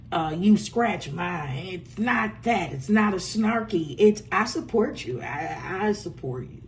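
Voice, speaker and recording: A woman giving a casual, profane tarot reading, swinging between loud outbursts and low muttering. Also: slight background noise. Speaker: tarot reader.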